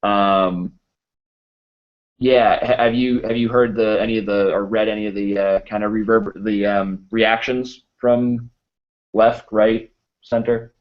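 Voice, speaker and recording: A man hosting a casual podcast chat, halting and full of fillers and restarts, on a dull lo-fi recording. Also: lowish voice, flat delivery. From United States. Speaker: podcast host.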